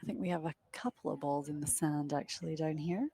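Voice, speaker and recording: A woman's voice: sits low, fairly even intonation, fairly quick, mellow, breathy edge, dry recording. Young woman, live golf commentator, windy outdoor course, chatty and self-mocking, dry close sound. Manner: chatty, self-deprecating, laughs at herself.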